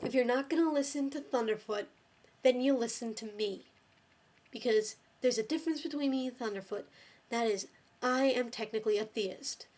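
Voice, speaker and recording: A woman's voice: fairly high pitch, moderate pace, darkish tone, slight background noise. Fed-up woman ranting. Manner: exasperated, scolding, swears often. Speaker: video blogger. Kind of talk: angry rant to camera.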